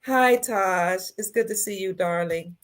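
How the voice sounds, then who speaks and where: A woman hosting a casual livestream, reading viewer comments, emotional and tearful, her voice swinging between soft and loud. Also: mid-range voice, unhurried. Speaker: livestream host.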